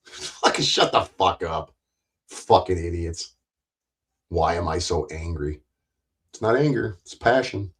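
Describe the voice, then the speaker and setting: A man with a fairly low voice rants on a livestream. He swears nonstop and turns sarcastic and mocking. He keeps hammering his points by repeating them. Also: a little slow, long pauses. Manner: angry, sarcastic, swears constantly. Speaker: livestream host. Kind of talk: profane livestream rant.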